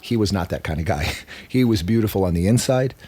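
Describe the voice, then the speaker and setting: Low-voiced male musician guest, casual and profane, animated storyteller. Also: a little fast, slightly rough. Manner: animated, swears freely, acts out quotes.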